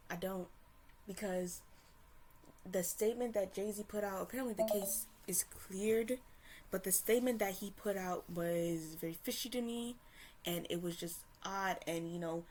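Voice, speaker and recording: A woman's voice: mid-range voice, normal speed, darkish tone, slight background noise. Woman, heated casual rant, profane, frequent restarts, mid-range voice. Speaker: commentator. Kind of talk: casual opinion rant to camera.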